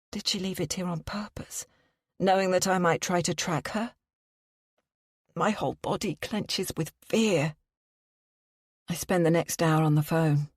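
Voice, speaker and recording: A woman's voice: sits low, darkish tone, slightly rough, no echo, studio quality. A woman narrating a tense first-person story as an audiobook reader.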